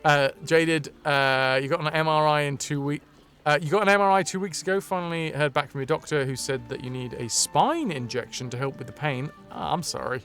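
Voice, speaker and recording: A man's voice: a little high, fairly quick, a bit bright, smooth, faint music behind. A man streaming a video game, chatting and joking in a rambling, casual way. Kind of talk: casual live commentary.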